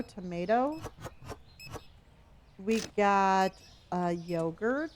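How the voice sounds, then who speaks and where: A woman's voice: a little high, a little slow, a little hiss or hum. A woman from Southern California streaming a game, chatting casually with her viewers and talking to herself as she plays. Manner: chatty, reads viewer locations aloud with sudden excited gasps; talks to herself while playing a store game. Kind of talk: casual live-stream chat.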